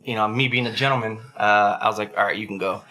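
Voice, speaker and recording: A man co-hosting a casual podcast who tells crude stories with lots of swearing and laughter, and jumps into a high squeaky voice to act out other people. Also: steady tone, quick pace, bright, forceful tone. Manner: laughs often, swears freely. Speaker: podcast co-host.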